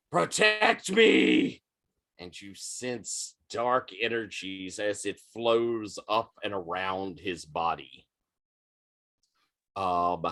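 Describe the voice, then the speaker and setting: A man narrating as game master of a tabletop role-playing game, with a loose, filler-heavy delivery. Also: fairly low pitch. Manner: unhurried, lively narration with many fillers.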